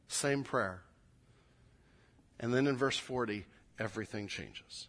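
A male pastor preaching a sermon, telling the story in an animated way and swinging between loud and soft. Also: mid-range voice, measured pace, long pauses.

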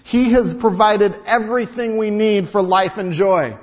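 A male pastor preaching a sermon, emphatic, repeating key lines and swinging between loud and hushed delivery. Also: high-pitched, measured pace. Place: large hall or sanctuary. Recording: dull sound with long hall reverb.

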